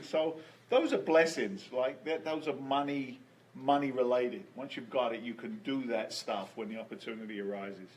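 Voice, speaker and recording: Man, mid-pitched, chatty guest spinning personal stories with many restarts. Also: steady tone, normal speed, a little hiss or hum, poor audio. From England. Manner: storytelling, repeats words as he restarts. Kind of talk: casual interview chat.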